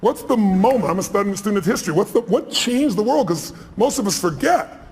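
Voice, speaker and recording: Fast-talking man, emphatic storyteller. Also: sits high, expressive, a little hiss or hum. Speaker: speaker on stage. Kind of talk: stage conversation, storytelling. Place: large event hall with audience. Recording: reverberant hall, faint ambience.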